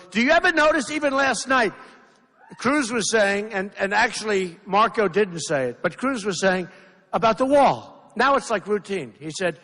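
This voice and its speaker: At a big indoor rally, a sixty-something candidate speaks off the cuff, hammering his points through repetition as hecklers interrupt. His high-pitched voice is sharp, with lively intonation and normal speed. Faint crowd noise echoes through the reverberant hall.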